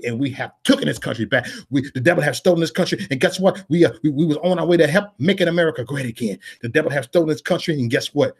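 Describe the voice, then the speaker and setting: A man delivering a preachy, freewheeling monologue, repeating his phrases in a sermon-like cadence and mixing in casual slang, swinging from loud declarations to mumbled asides. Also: medium pitch, husky. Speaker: political vlogger. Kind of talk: preachy live-stream monologue.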